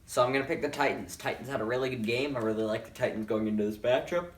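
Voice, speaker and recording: A man's voice: medium pitch, steady tone, rapid-fire. Tired male sports vlogger, offhand and rambling, recorded at home with the mic a bit far off and echo around him. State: tired, yawning. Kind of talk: casual picks and predictions talk.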